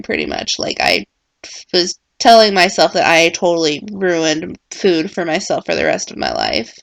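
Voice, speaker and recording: A woman's voice: fairly low pitch, huge pitch swings, moderate pace, gravelly, dry recording. A young woman talking casually in a personal vlog, rambling and full of filler words. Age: young adult. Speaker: vlogger.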